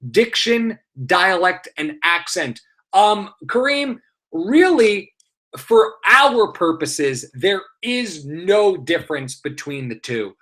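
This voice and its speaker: A man's voice: high-pitched, very animated, slow pace, sharp tone. A male teacher with a New York accent, running a live online exam review and explaining terms through rhetorical questions and many filler sounds.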